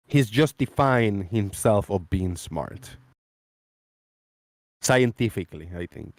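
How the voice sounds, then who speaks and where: A man's voice: medium pitch, darkish tone, no room sound, studio quality. A man hosting a live-stream debate chat, rambling and repeating his phrases. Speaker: host.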